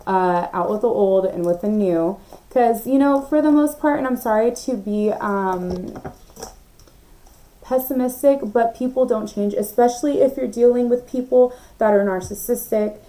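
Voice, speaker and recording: A woman's voice: fairly high pitch, moderate pace, warm tone, poor audio. A young woman giving a casual, emphatic tarot reading, talking straight to her viewers with lots of fillers and the odd swear word. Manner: chatty and emphatic, many fillers, swears, addresses viewers directly. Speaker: tarot reader.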